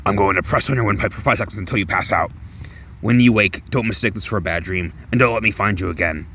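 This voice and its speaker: A man reading aloud as a grim masked male vigilante, speaking low with quiet menace. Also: fast talker, a little hiss or hum. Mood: menacing.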